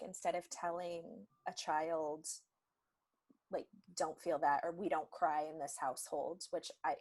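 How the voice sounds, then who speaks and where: A gentle woman with a breathy, slightly husky voice at a mid pitch. She co-hosts a reflective conversation and speaks with heartfelt thoughtfulness. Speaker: intuitive healer and co-host.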